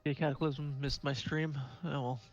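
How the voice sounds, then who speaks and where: A man with a slightly high voice chats during a co-op game stream. He is easygoing and chimes in with short remarks. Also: steady tone, moderate pace, highs cut off, faint music behind. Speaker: co-op gaming streamer. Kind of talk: casual chat while gaming.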